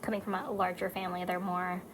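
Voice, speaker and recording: A woman with a fairly low voice talks at a quick pace, with little pitch movement, in a very noisy recording. She's a mother of four doing her makeup and chatting casually. She rambles and gets emotional, wandering off topic with frequent "likes" and fillers.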